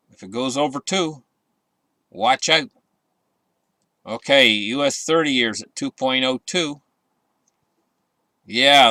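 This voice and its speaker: A man's voice: medium pitch, bright, forceful tone, dry recording. A man hosting a casual market commentary channel, rambling with many fillers and restarts and a sarcastic edge.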